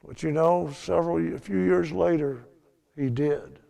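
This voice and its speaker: A man's voice: fairly high pitch, unhurried, gravelly, dark tone. An older man teaching a Bible lesson in a chatty storytelling way, laughing at his own tales.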